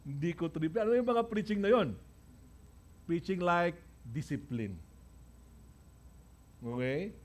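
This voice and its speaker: High-voiced Filipino-accented male pastor. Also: lively intonation, slow pace, pauses often. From Philippines. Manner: mixes Tagalog and English, keeps checking in with the congregation; emphatic, repeats key lines. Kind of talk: sermon. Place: church.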